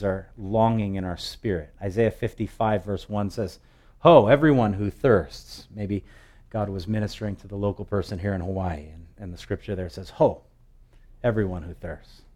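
A man's voice: lowish voice, mellow. Man preaching a sermon with swelling emphasis. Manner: preaching with rising emphatic swells and slow, drawn-out scripture readings. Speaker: pastor.

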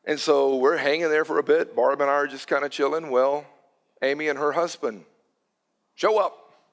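A man's voice: on the high side, normal speed. Conversational male pastor preaching. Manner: conversational storytelling, moves from loud and animated to hushed and soft. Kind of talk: sermon.

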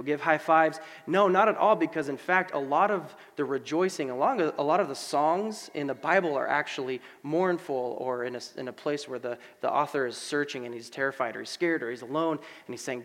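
A man preaching a sermon in a conversational, animated way, with casual asides and fillers. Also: on the high side. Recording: long hall reverb.

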